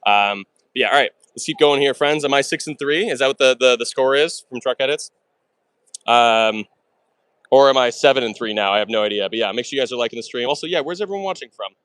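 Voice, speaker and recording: A man live-streaming himself solving puzzles, talking fast and chatty through every move, with excitable outbursts and thanks to chat. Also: mid-range voice, smooth, no echo. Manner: fast and chatty, talks through his moves; excitable, bursts of exclamations.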